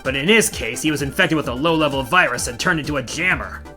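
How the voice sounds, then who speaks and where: A man voicing a cocky male alien creature with a gruff, dismissive manner. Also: medium pitch, fast talker, sharp tone, faint music behind, natural voice.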